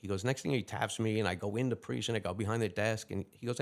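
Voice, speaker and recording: A gravelly-voiced man, rattling off stories at a quick clip. He tells them animatedly and acts out the other people's lines along the way. He is a retired lieutenant, speaking as a guest in a casual interview. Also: fairly low pitch. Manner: animated anecdotes with quick quoted dialogue.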